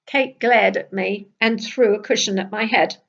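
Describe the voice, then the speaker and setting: An older woman from Britain reading her travel memoir aloud in a lively, wry storytelling manner. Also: mid-range voice, normal speed, creaky, dull audio.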